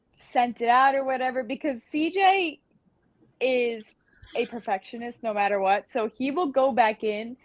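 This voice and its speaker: A woman's voice: on the high side, no room sound. A woman, a band's singer, chatting casually as a guest on a podcast, with many ums and likes.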